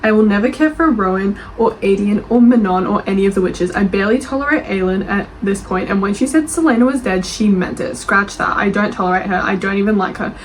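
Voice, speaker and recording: A woman's voice: mid-range voice, fairly quick, hardly any pauses, poor audio. Young woman ranting about books, gushy and defensive, faint hiss behind. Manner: animated, gushing, defensive, laughs often. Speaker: book vlogger reading reviews. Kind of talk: casual reaction chat.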